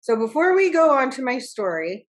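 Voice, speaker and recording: A woman's voice: sits high, big pitch swings, normal speed. A young woman co-hosting a podcast in casual chat, chatty with frequent laughs and fillers. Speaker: podcast co-host.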